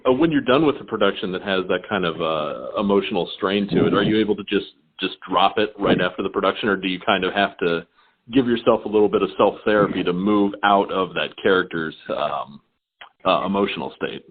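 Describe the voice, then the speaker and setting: A man's voice: sits low, fairly quick, slightly rough. A man with a Southern American accent interviewing a guest, asking long, rambling questions with frequent restarts. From southern United States. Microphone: phone call. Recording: tinny phone line.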